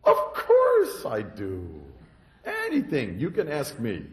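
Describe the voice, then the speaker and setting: A man plays a young temple boy who is calm and cheeky, speaking in slow, unbothered phrases. The recording has an echoey room sound. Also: mid-range voice, creaky.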